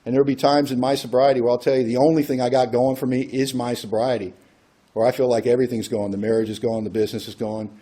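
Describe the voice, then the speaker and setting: A man's voice: medium pitch, level tone, quick pace, warm tone, husky. A man speaking at a recovery workshop, telling a personal story in a conversational way and acting out the voices of people he quotes. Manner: conversational, acts out quoted dialogue.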